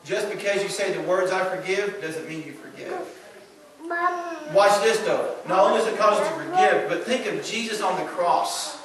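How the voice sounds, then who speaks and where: A man preaching a sermon in a Southern American accent, his voice sitting fairly high. He swings from loud, driving emphasis down to hushed, quiet asides. He is picked up from some distance in a church with a strong, booming echo. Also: animated, normal speed, crowd noise. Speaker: pastor. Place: church sanctuary. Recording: echoey church from far off.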